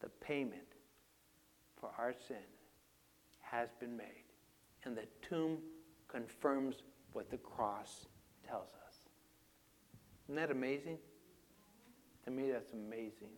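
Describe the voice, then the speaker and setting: A man preaching a sermon with slides, moving from quiet reflection to loud, emphatic passages. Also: mid-range voice, takes it slowly, long pauses. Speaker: pastor.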